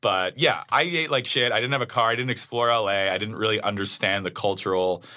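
A young man, a comedian, chatting casually and telling profane, animated stories. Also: lowish voice, fairly quick. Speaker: comedian guest. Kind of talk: casual chat.

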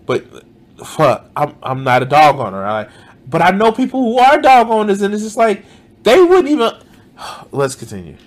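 A man's voice: high voice, huge pitch swings, moderate pace. A man reacting to a video with casual commentary. He is exasperated, swears a lot and says "like" constantly. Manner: exasperated, swears often, frequent "like".

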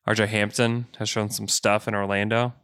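Low-voiced man hosting with quick, enthusiastic chat, crisp and dry. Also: little pitch movement, a bit bright, dry recording. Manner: quick, enthusiastic, loose filler words. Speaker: podcast host. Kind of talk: casual chat.

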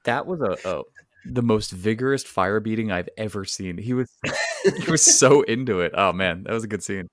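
A man's voice: on the low side, very animated, normal speed, no room sound, studio quality. A man co-hosting a podcast, chatting in a laid-back, self-mocking way. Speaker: podcast co-host. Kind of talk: casual chat.

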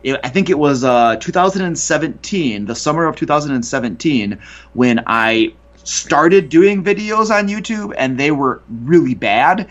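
A man's voice: on the high side, expressive, normal speed, a bit bright. A talkative man with a slightly raised voice, rambling casually as a guest and padding his sentences with fillers. The recording sounds dull and lo-fi. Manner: rambling, chatty, full of fillers. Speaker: guest, YouTuber and game master. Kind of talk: casual podcast conversation.

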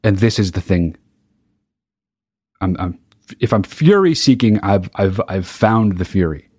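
A man with a low, husky, slightly mellow voice and lively intonation hosts a solo podcast at an unhurried pace. In a very hot recording space, he rants heatedly and profanely, often restarting his sentences.

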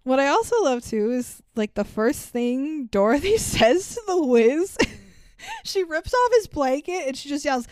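A woman with a high voice talks a little slowly in a clean, echo-free recording. She's co-hosting a podcast, chatting casually about a film, swearing freely, laughing often and telling stories with lots of energy.

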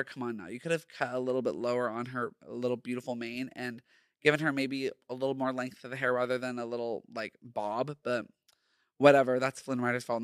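A man's voice: mid-range voice, fairly bright tone, no echo, clean studio sound. A young man hosting a casual solo podcast, sassy and playful, full of slang. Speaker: podcast host.

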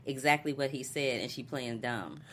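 A woman co-hosting a TV recap show in casual chat. She is animated and laughs often. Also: rumbling low, normal speed, a little hiss or hum. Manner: animated, laughs often, acts out characters' lines.

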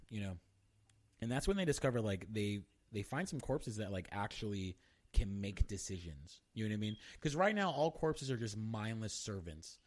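A man with a low voice co-hosts a podcast, recapping in loose, casual chat. He rambles and leans on "you know what I mean" and other fillers. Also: expressive, moderate pace. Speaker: podcast co-host.

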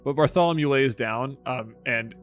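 A man's voice: mid-range voice, normal speed, soft background music. A man playing a tabletop game, playful and drawling, laughing often. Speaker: player. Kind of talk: tabletop role-play.

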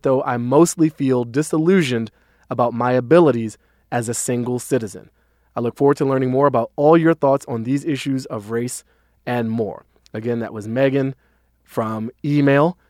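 A man hosting a podcast, joking in casual chat and reading listener email in a measured way. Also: medium pitch, darkish tone, dry recording, clean studio sound. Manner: joking, quick asides, measured when reading. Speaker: podcast host.

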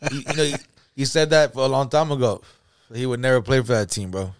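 A man's voice: mid-range voice, lively intonation, moderate pace, clean tone, no echo, studio quality. A man co-hosting a casual podcast, telling stories with animation, acting out quotes and saying "bro" constantly. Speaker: podcast co-host. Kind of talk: casual chat. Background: faint music.

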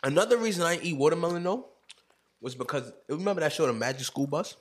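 Husky young man with lively, laughing chat. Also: fairly high pitch, quick pace. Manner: laughs often, animated storytelling. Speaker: podcast host. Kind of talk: casual chat.

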